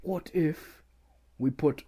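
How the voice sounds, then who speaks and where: Brief: a man putting on a smug French gent with a cheesy, botched French accent, mellow and warm in tone, words stretched for comic effect. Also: on the high side, slow, a little hiss or hum, voice pushed up. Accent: put-on French, self-admittedly poor. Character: snooty French man boasting of his grand idea.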